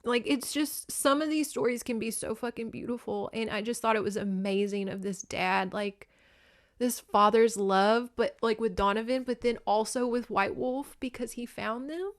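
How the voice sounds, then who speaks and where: An American woman hosts a podcast and chats casually about a book she is reviewing. She is emotional and crying, swearing often and breaking into tearful laughter. Her voice is a little high and her pace moderate.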